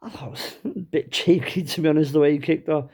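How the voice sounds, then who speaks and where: A man's voice: fairly high pitch, quick pace, mellow, breathy edge. A man spinning a funny everyday anecdote in a loose, conversational way. He is dry and wry, with plenty of fillers and restarts along the way. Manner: chatty, wry, lots of fillers. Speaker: storyteller. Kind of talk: comic anecdote told to camera.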